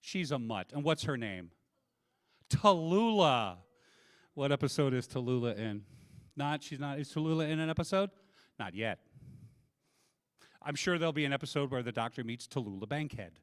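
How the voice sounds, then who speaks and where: A man performing a stand-up comedy set at a convention, chatting with the crowd and landing deadpan punchlines into a handheld mic. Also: medium pitch, normal speed, long pauses, no echo, studio quality.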